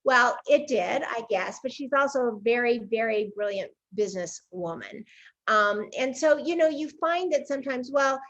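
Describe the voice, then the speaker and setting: A woman's voice: fairly high pitch, lively intonation, moderate pace, fairly bright tone. A woman in her sixties hosting a casual interview, candid and a little rambling. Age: 60s. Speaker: show host. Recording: somewhat dull, lo-fi sound.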